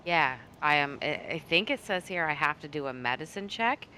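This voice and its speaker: A player at a tabletop game asks questions and reads out rules text. The voice is bright and sharp, with a faint background hiss. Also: mid-range voice, animated, fairly quick. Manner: inquisitive, reads rules aloud.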